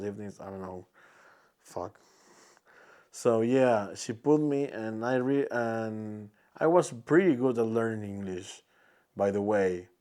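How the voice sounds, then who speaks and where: A young Peruvian man hosts a casual solo podcast in English, his second language, with a Peruvian Spanish accent. His voice is fairly low and a little mellow, and he searches for words, restarting many times.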